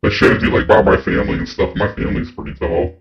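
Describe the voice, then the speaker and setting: A man streaming a video game, chatting casually with viewers and swearing freely. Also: quick pace. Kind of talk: casual gaming stream chat. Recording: dull lo-fi mic with faint game music.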